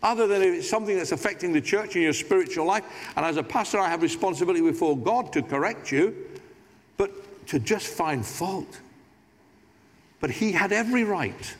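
A man preaching a sermon as pastor, talking conversationally with asides and light humor. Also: on the high side. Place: large church. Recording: hall reverb.

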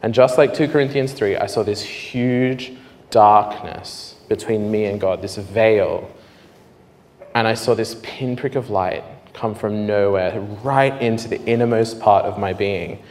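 A man preaching his testimony as a lively storyteller who often drops to hushed, slow tones. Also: fairly low pitch. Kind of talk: sermon testimony. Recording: reverberant hall, faint noise.

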